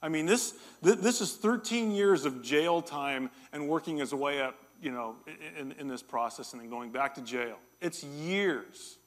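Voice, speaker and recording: A middle-aged man preaching a sermon as a pastor, telling a story with animated energy and joking with his congregation. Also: a little high, measured pace, few pauses. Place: church hall.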